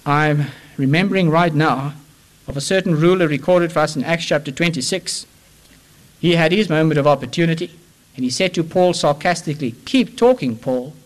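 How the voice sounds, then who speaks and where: An older man delivers an impassioned sermon in a somewhat high voice. He pushes his pleas up with urgency, then sinks into low, hushed lines for weight. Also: brisk, low-quality recording. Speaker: preacher.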